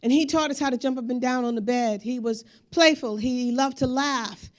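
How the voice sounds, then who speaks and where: A woman's voice: sits high, moderate pace. A woman giving a speech, telling family stories while showing pictures. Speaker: speaker. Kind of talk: storytelling speech with slides.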